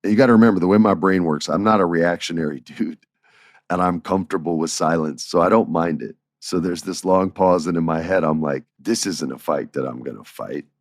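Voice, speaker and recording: A man hosting a podcast, telling stories in a casual, animated way, chuckling and acting out dialogue. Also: deep voice, a little fast, dry recording, clean studio sound. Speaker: podcast host. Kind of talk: casual storytelling.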